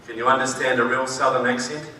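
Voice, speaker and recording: A man's voice: medium pitch, level tone, quick pace, a crowd in the background. A man from New Zealand with a New Zealand accent, giving a conference speech with emphatic delivery and dry humor. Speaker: conference speaker. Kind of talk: public speech. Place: large conference hall. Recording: echoey hall, distant mic.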